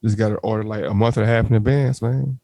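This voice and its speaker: A man's voice: fairly low pitch, fairly even intonation, fast talker, creaky, mellow, dry recording. A man co-hosting a podcast, chatting casually and joking around. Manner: joking, breaks into mocking put-on voices. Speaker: podcast co-host. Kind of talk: casual banter.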